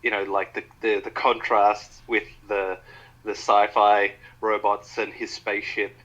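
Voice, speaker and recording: A man from Australia co-hosting a film podcast. He talks enthusiastically and haltingly, with many fillers and restarts. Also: on the low side, flat delivery, a bit bright, dull audio. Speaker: podcast co-host. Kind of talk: casual film review chat.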